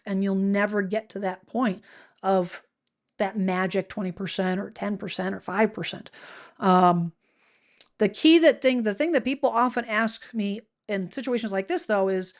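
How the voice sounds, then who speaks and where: A middle-aged woman talks through housing finance for her viewers like a seasoned real estate agent. Her delivery is chatty and animated, and she often breaks off mid-sentence to start again. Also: on the high side. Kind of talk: casual explanatory talk to camera.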